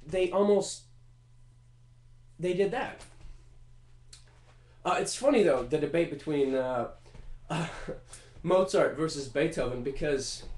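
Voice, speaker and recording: A man riffing in a casual comedic monologue, animated and profane, rambling with fillers. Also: on the high side. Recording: roomy echo.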